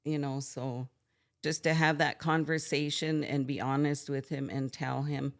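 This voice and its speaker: Very low, gravelly older woman. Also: little pitch movement, measured pace. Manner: earnest, frank, emphatic. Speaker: podcast guest. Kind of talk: candid conversational storytelling.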